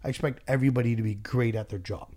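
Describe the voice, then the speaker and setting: A man's voice: mid-range voice, steady tone, quick pace, darkish tone. This is a man who owns a business, chatting in a casual, blunt way. He curses freely and acts out snippets of conversations to make his point. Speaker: business owner and boss. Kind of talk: casual podcast chat.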